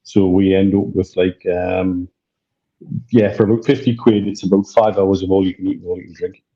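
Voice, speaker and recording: A man from a supporters' club chatting casually, explaining a plan in a relaxed way. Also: low-pitched, normal speed, muffled recording. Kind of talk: casual chat.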